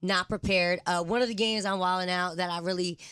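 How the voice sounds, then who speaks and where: A young woman talks as a guest in a radio studio. Her voice sits a little low, and she chats quickly and laughs easily. The sound is close and dry. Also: steady tone, a bit bright, clean tone, no echo. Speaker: guest rapper. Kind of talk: casual interview chat.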